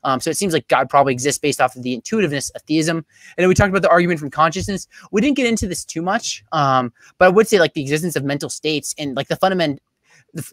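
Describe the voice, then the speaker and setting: A young man giving a debate closing statement over a video call, talking rapidly with many fillers and restarts. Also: on the high side, fairly bright tone, dry recording. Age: young adult.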